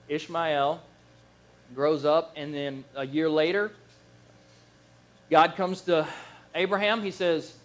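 A man preaching a Bible lesson, telling the stories in a lively, animated way and acting out the figures he quotes. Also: medium pitch. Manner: animated storyteller, acts out quoted voices, chuckles. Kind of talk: Bible teaching sermon.

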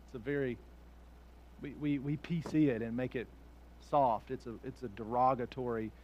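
A man preaching a sermon as a pastor, animated, often laughing and acting out voices, swinging from hushed asides to loud peaks. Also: mid-range voice, normal speed, highs cut off, slight background noise.

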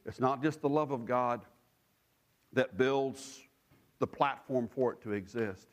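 A man's voice: medium pitch, measured pace. A man preaching a sermon as a pastor, telling stories with chuckles and repeating phrases for emphasis. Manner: animated storytelling with chuckles and asides.

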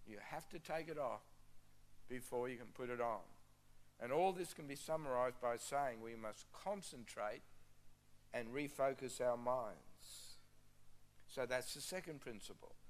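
A man preaching a sermon as pastor, emphatic and repeating key phrases for stress. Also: mid-range voice.

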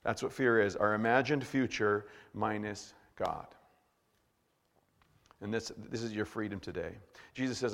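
A male pastor preaching a sermon, swinging from hushed, slow words to shouted bursts. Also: fairly low pitch, steady tone, creaky, in a large hall.

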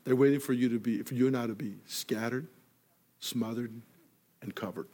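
Acting out every person in his story, a pastor delivers a sermon in a medium-pitched voice at a moderate pace. Excitement makes him loud, while earnest moments bring him down soft and quiet.

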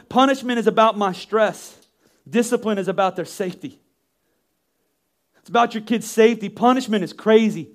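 A man preaching a sermon in an animated way, acting out yelling parents with sudden shouts and often repeating words as he restarts phrases. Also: high voice, normal speed. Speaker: pastor.

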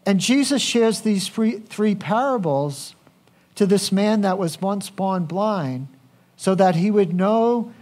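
Preaching a sermon, a pastor keeps things relaxed and conversational. His voice is high for a man, he takes his time, and he frequently puts questions to the congregation.

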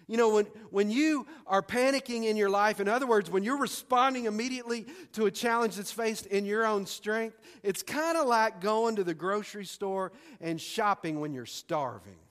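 High-voiced pastor preaching. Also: male voice, fairly bright tone, in a large hall. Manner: emphatic preaching with dramatic pauses and repetition. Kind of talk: sermon. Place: church sanctuary.

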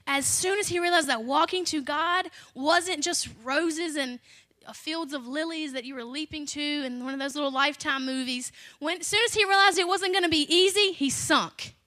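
A woman's voice: high voice, pushed and bright. A young adult woman, a children's pastor, preaching a sermon in an emphatic, conversational way, repeating her key lines.

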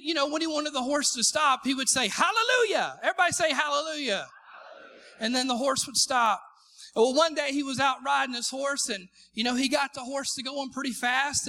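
High, bright-voiced male preacher. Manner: joking, calls for responses from the congregation; self-deprecating humor. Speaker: pastor. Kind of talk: live sermon. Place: church sanctuary before a congregation.

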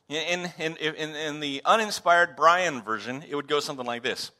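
A man preaching a sermon to his congregation in a conversational, animated way, asking questions and repeating words for emphasis. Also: fairly high pitch, normal speed, few pauses. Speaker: pastor. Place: church sanctuary.

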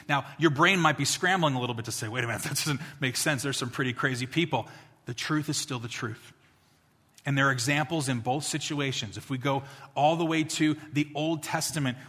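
A man preaching a sermon in a church, conversational and then emphatic, slowing down to stress key points. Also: fairly high pitch, a bit bright, in a large hall. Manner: conversational preaching, builds to emphatic points with slow, drawn-out lines. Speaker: pastor.

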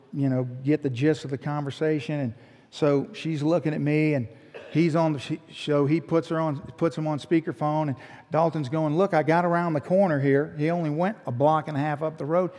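Pastor, middle-aged, gravelly, slightly high voice, preaching in a reverberant sanctuary. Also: male voice, brisk. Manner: animated storyteller, voicing the people in his story. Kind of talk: sermon storytelling. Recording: long hall reverb.

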